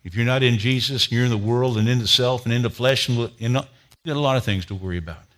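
A man preaching a sermon, telling a story with lively rises in energy and dropping to a low, earnest tone to make his point. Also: fast. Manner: animated storyteller, grows loud and high when excited, then drops to a low earnest tone. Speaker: pastor.

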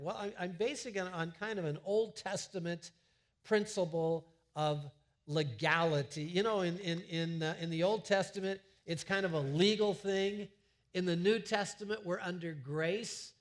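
A middle-aged man preaching a sermon in a church sanctuary, talking in a conversational, animated way with frequent restarts. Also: sits high, normal speed. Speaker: pastor.

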